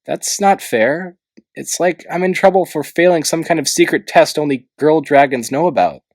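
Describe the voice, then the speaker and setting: A man's voice: fairly high pitch, moderate pace, no echo, pitched above the performer's own voice. A man reading aloud, voicing a loyal, kind-hearted young male dragon in a pleading, emphatic way.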